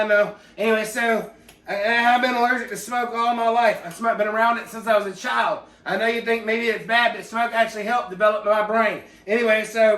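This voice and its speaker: A man telling a rambling, profane comedic story in a deadpan way, full of tangents. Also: sits high. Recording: echoey room, distant from mic.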